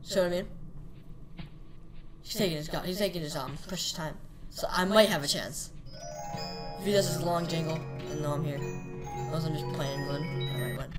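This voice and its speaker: A woman's voice: low voice, normal speed, pauses often, loud music behind the voice, poor audio. A young woman giving casual commentary while playing a horror game, swearing and talking to the characters, with outbursts at jump scares. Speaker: gameplay streamer.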